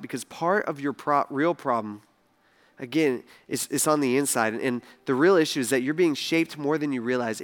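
Delivering a lively sermon, a male pastor with a slightly high voice performs the voices of those he quotes, his volume rising and falling between loud and soft.

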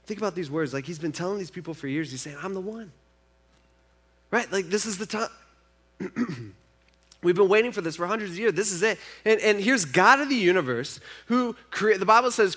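A man preaches to his congregation in a casual, conversational way. His voice sits a little high, and he drops to near-hushed asides before building to loud, emphatic points. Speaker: pastor. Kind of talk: sermon.

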